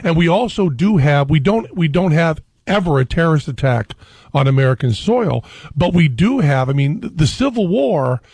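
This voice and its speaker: A man in a radio studio telling stories in casual, animated talk. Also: normal speed, slightly rough, dry recording. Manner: animated storyteller, jumps high when excited. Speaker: guest. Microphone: studio mic.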